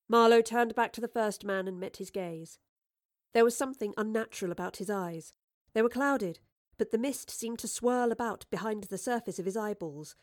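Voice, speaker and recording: Lady reading a story aloud, steady, dry close sound. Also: medium pitch, no room sound. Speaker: audiobook narrator. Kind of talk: scripted narration.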